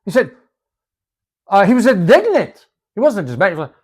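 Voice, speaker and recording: A man's voice: sits high, normal speed, pauses often, husky. A man teaching from the Bible in a casual, devotional way. His voice rises and falls a lot, and he acts out the people in the story as he goes. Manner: animated, acts out Bible scenes in dialogue.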